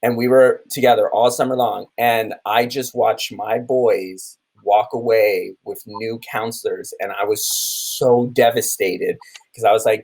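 A man in his thirties, a camp theater director, telling stories in a podcast conversation, animated, with many restarts. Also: on the low side, a little slow, rough recording. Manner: animated storytelling with many restarts and acted quotes.

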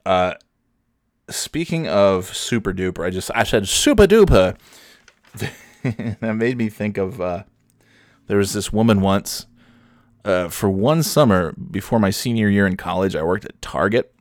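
A man's voice: fairly low pitch, animated, measured pace, long pauses, no echo, clean studio sound. A man in his thirties talking casually and profanely in a solo podcast, rambling and mocking himself. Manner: rambling, self-deprecating, profane. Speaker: podcast host.

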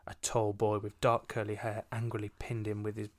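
A woman's voice: extremely low pitch, monotone, brisk. Giggly chatty woman reading fanfic. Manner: giggly, chatty, lots of fillers. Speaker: podcast co-host. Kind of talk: casual chat, reading fan fiction aloud.

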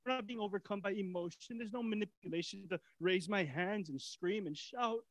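A man with a high voice preaches a sermon, talking casually with fillers and repeats. He swings from hushed lines to excited, near-shouted bursts. The sound is close and dry, with little room echo. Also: moderate pace. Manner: animated, swings from soft to shouting. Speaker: pastor.

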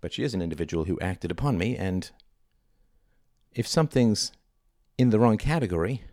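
Middle-aged guy hosting his own show, real low voice, thinking out loud, dry close mic. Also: lively intonation, moderate pace, dry recording. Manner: reflective, conversational, emphatic. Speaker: podcast host. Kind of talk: solo monologue.

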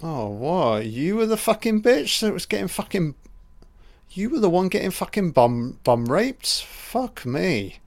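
A man's voice: high voice, big pitch swings, unhurried. A man giving a crude, profane running audio commentary over a film, mocking the characters as scenes play.

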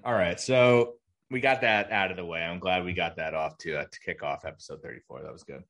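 A man's voice: deep voice, fairly quick, fairly bright tone. A man in his thirties, a podcast co-host, telling stories in an easygoing, wry way. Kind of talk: casual chat.

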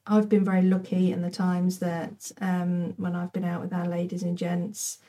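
A woman, a charity head, speaking as a podcast guest in a measured way full of "you know" and hesitations. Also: fairly low pitch, monotone, dark tone. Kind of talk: casual conversational interview.

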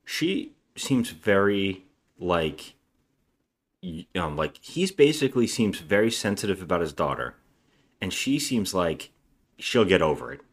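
A man's voice: low-pitched, a little slow. A man co-hosting a bad-movie podcast, casually retelling the plot and acting out the characters' lines. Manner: animated retelling with acted-out dialogue.

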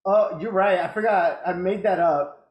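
Young male podcast co-host, high voice, playful banter, echoey call audio. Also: moderate pace, lo-fi sound. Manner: joking, laughs often. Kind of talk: casual chat. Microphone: video call. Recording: echoey room.

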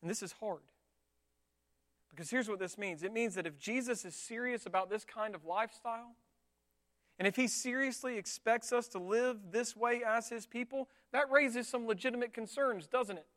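A man's voice: very high voice, normal speed. Male pastor preaching, casual and chatty, often checking in with the room. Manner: conversational, with frequent rhetorical tags and animated retellings. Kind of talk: sermon.

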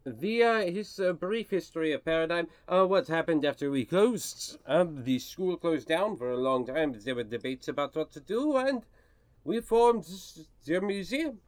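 A man voicing a nervous former professor who now guides a museum tour, halting and full of hesitations. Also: fairly high pitch, expressive, no room sound, close to an everyday voice.

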